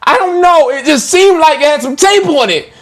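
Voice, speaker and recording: Man doing a whiny complaining customer, pitched way up, pleading. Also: expressive, normal speed, fairly bright tone. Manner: pleading, high-pitched whine.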